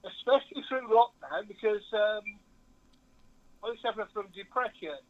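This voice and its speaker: A man's voice: high-pitched, moderate pace. A man from Somerset calling in to a chat show, talking plainly with plenty of ums. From Somerset, England. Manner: chatty, plain-spoken, hesitant with ums. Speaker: caller. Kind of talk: casual phone-in chat. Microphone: telephone. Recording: lo-fi phone line.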